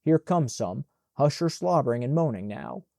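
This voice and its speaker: A man's voice: mid-range voice, lively intonation, normal speed, creaky, mellow, no echo, clean studio sound. A man voicing a grumbling teenage servant boy who scolds in folksy Southern dialect. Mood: coaxing.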